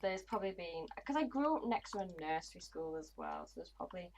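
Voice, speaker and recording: A young woman talks loosely to her stream in a lowish voice, cursing without a second thought. She mumbles half to herself between remarks, and faint mouse clicks tick along in the background. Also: expressive, fairly quick, background noise. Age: 20s. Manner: chatty and blunt, swears freely, mutters to herself while playing. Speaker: gaming livestreamer. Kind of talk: casual livestream chat while playing.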